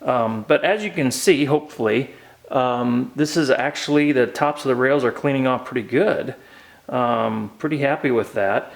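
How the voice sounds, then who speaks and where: A man hosting his own hobby channel, talking through a restoration project in a relaxed, hesitant way with many ums and uhs, recorded in a home workshop. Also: mid-range voice, normal speed, gravelly, rough recording. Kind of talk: casual how-to narration.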